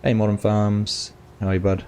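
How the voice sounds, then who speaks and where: A man's voice: lowish voice, level tone, normal speed, a little mellow, slight background noise. An Australian man hosting a live game stream, casually chatting and greeting viewers in chat by name as he plays. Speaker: gaming streamer host.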